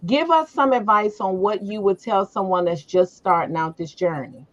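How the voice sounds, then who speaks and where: A middle-aged woman talking casually and warmly about her family, like a mother reminiscing. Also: mid-range voice, normal speed. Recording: slightly dull, lo-fi sound.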